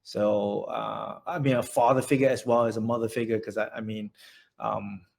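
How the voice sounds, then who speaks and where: A man in his forties from central Vietnam with a Vietnamese accent, telling his story in an oral history interview, halting and restarting often. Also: on the low side, level tone, creaky, a little mellow. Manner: halting, many restarts and repeated words.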